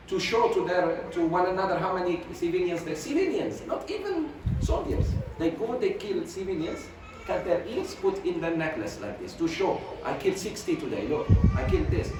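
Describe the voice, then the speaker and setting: A man teaching a religious class, lecturing emphatically with volleys of rhetorical questions and Arabic religious phrases. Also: high voice. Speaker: sheikh teaching Quran commentary. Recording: very echoey, distant mic, noisy.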